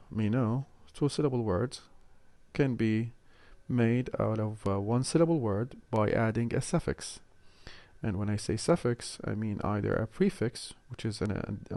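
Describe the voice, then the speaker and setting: A man lecturing university students on English word stress, speaking in a measured, explanatory way with frequent hesitations. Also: fairly low pitch, gravelly, warm tone, dry recording. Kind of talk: recorded online lecture.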